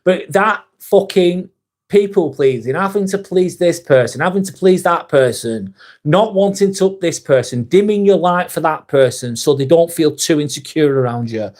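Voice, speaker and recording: A man with a voice pitched a little above the usual, chatting to his live-stream viewers. He reads their comments out and answers bluntly, swearing freely, in an unscripted, casual way. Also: lively intonation, normal speed, a little mellow. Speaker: livestream host reading viewer chat.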